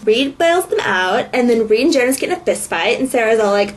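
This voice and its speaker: A woman's voice: on the high side, lively intonation, a little fast, hardly any pauses. Snarky woman recapping a web series. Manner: sarcastic, snarky; valley-girl style speech. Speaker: vlogger. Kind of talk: casual recap vlog.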